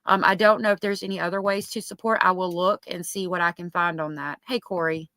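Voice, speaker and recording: A woman's voice: lowish voice, steady tone, a little fast, bright, forceful tone, no room sound. A woman hosting a casual livestream, reading chat messages aloud and chatting with lots of ums. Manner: chatty, filler-heavy with many ums. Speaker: livestream host.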